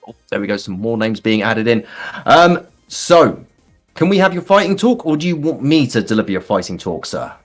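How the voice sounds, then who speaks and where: A man hosts a live gaming race with jokey, theatrical banter, politely calling his guests sir. His pitch rises and falls in a lively, animated way. Soft music plays faintly behind him. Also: moderate pace. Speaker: race stream host. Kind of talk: playful live-stream banter.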